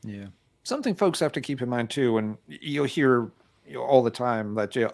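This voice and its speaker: Male podcast host, mid-pitched, loose and rambling, casual cusser. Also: expressive, fairly quick, vocal fry. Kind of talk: casual chat.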